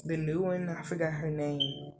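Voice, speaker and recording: A narrator improvising a fan-made story, talking in a halting way with many ums and correcting details as they go. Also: mid-range voice, fairly even intonation, background noise.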